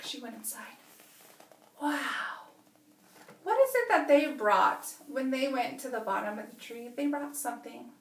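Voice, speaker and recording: A woman teacher reading a picture book aloud to young children, stopping often to ask them animated questions. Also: sits high, far from the mic, a little hiss or hum. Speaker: preschool teacher. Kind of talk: children's story read-aloud lesson. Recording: echoey room, away from mic.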